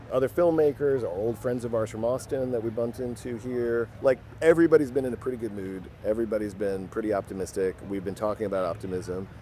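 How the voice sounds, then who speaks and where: A man co-hosting a podcast, chatting casually on a winter street and thinking out loud. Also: medium pitch, slight background noise. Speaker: podcast co-host. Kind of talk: casual outdoor chat. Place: outdoors on a city street in winter.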